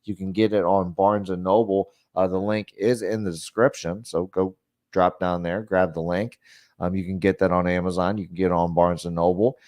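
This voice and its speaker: A man's voice: sits low, flat delivery, normal speed, darkish tone, dry recording, clean studio sound. A man giving casual sales coaching, talking it through with lots of fillers and acting out customer lines. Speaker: sales trainer.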